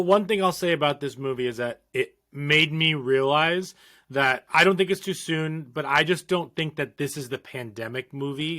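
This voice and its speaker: A man's voice: medium pitch, sharp tone. A man co-hosting a horror podcast, musing in casual chat with long, restarting sentences. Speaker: podcast co-host.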